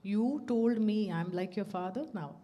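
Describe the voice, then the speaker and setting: A woman's voice: medium pitch, a little slow, lo-fi sound. A middle-aged woman telling a personal story at a devotional gathering, laughing often and acting out the dialogue. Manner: animated, laughs often, acts out quoted dialogue. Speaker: speaker at a devotional center.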